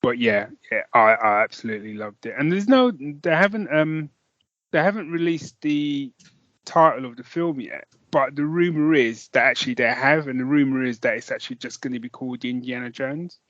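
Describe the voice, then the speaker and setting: An eager British man co-hosting a podcast, who talks in a loose, rambling way and laughs often. His voice sits at a middling pitch. The recording is dull and lo-fi, with a dry, close sound. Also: moderate pace, a bit bright, no room sound. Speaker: podcast co-host. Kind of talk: casual chat.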